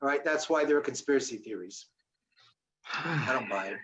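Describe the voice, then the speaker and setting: In a rough recording, a man in his sixties appears as a guest on a video call, speaking at medium pitch and normal speed. He's an animated storyteller, telling a tale with humor and acting out the voices of the people in it, in a talk that includes Q&A.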